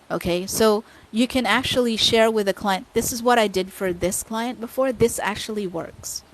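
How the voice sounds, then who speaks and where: A woman's voice: mid-range voice, moderate pace, poor audio. A woman, a guest on a podcast, talking casually and switching between Tagalog and English with frequent tag questions.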